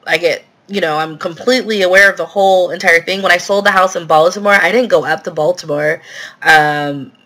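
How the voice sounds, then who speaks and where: A woman's voice: fairly low pitch, steady tone, brisk, sharp tone. A woman hosting a live question-and-answer stream, talking casually with lots of fillers as she answers viewer questions. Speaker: real estate investing host.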